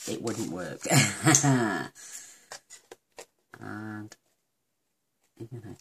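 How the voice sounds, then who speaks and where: A woman from the UK talks viewers through a card box tutorial in a relaxed, affectionate way. Her voice sits very low. Clicks and rustling paper carry under a noisy recording. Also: extremely slow, long pauses. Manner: chatty and affectionate, talks while working. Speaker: craft demonstrator. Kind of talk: casual crafting tutorial.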